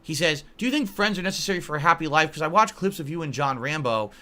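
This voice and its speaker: A man's voice: on the high side, lively intonation, fast, sharp tone. A man in his early forties answering live chat on a stream, blunt and easily irritated, calling viewers idiots. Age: 40s.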